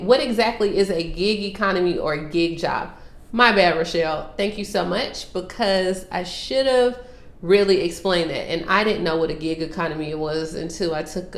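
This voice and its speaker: Woman vlog host, sassy and teasing, answers viewer questions in an echoey room. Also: on the low side. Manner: sassy, teasing, calls viewers girl and sis. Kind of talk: casual Q&A vlog.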